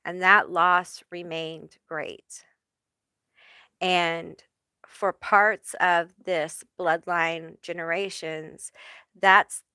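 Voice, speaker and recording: Slow, emotional woman reading tarot. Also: on the low side, pushed and bright, clear, resonant tone, no echo, studio quality. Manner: slow, halting, emotional, many fillers. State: emotional, near tears. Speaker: tarot reader. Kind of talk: live spiritual tarot reading.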